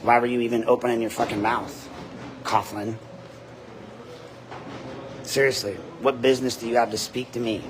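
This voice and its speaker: A man hosting a livestream from a body-worn camera, ranting in a loud, deep voice, combative and profane. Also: level tone, moderate pace, long pauses, noisy background. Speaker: host, citizen journalist. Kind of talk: livestreamed rant. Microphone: body-worn camera mic.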